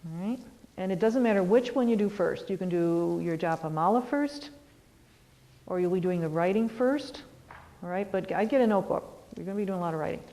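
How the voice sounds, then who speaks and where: A middle-aged woman yoga teacher guiding a lesson, gently encouraging and often checking in with "all right". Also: fairly low pitch, brisk, in a large hall, rough recording. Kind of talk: guided lesson on goals and mantra practice.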